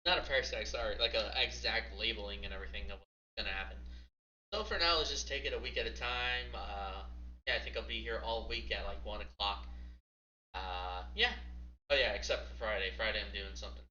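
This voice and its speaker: A man's voice: fairly low pitch, brisk, pushed and bright, reverberant, dull audio, a little hiss or hum. A man streaming, chatting in a rambling way and laughing often before reading a story aloud in a casual style.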